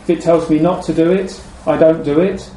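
A man with a high but warm, mellow voice gives a measured sermon. He repeats key phrases and lets them fall low and soft. The room is echoey, with faint ambient noise behind him. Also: steady tone. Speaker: preacher.

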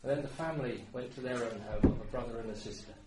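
A man's voice: mid-range voice, quick pace. Middle-aged man, sermon, earnest preaching, roomy echo, heard from afar. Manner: earnest, swings from quiet storytelling to loud exhortation. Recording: echoey room, heard from a distance, background noise.

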